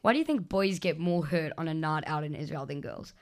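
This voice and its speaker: A young woman from South Africa co-hosting a casual chat, telling animated stories with lots of fillers and restarts. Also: deep voice, a little fast. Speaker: podcast co-host.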